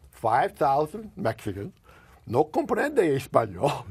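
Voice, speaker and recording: A man telling a story in an interview, acting out the dialogue with lively swings in his voice. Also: medium pitch, measured pace, husky, dry recording. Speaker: guest, company executive.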